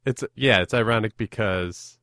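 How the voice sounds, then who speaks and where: Low-voiced, rambling young man. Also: a bit bright, no echo, studio quality. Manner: rambling, self-deprecating, quick to laugh. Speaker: podcast host. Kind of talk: casual chat.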